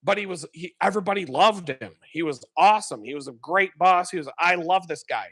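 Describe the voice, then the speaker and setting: Male streamer, bright, dry close sound, swears freely while spinning stories. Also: high voice, brisk, husky, no room sound. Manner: profane, animated, laughs often. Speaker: live streamer. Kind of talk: casual storytelling.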